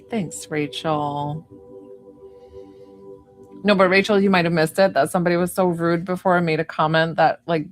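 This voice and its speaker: A young woman working as a psychic medium, chatting to viewers on a live stream in a gushing, bubbly way, full of "like" and excited squeals. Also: fairly low pitch. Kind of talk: live-stream reading and chat.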